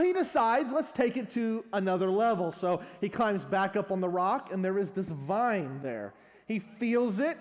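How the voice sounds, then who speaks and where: High-voiced pastor telling a story. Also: male voice, big-room sound. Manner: storytelling with a long humorous illustration. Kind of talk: sermon.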